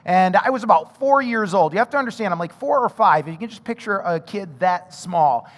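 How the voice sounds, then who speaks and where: Man, pastor, high voice, storytelling sermon, long hall reverb. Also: a little fast. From North Carolina. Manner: animated storytelling, frequent "right?" asides.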